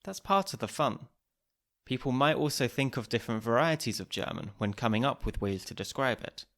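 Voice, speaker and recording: A man hosting a podcast, reading scripted narration with a measured, even delivery. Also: medium pitch.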